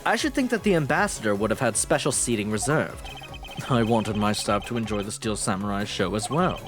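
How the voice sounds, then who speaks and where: A man doing a smug low-voiced old ambassador. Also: expressive, music in the background, close to an everyday voice. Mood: haughty. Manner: slow, haughty, condescending. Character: pompous older male ambassador, smug.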